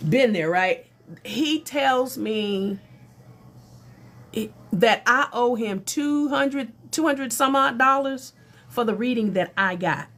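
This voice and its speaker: Brief: folksy, exclamatory spiritual teacher, middle-aged woman, fairly high voice. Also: lively intonation, slow, a bit bright. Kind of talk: casual livestream storytelling.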